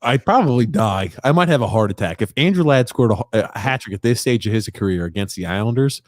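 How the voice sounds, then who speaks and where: A man hosting a sports podcast, laid-back and quick to laugh in casual chat. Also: on the low side, lively intonation, no room sound, studio quality. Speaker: podcast host.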